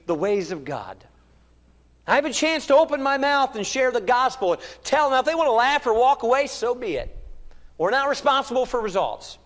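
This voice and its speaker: A man's voice: very high voice, a bit bright, big-room sound. A man preaching a sermon with fervent rhetorical questions and acted-out quotes. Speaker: pastor.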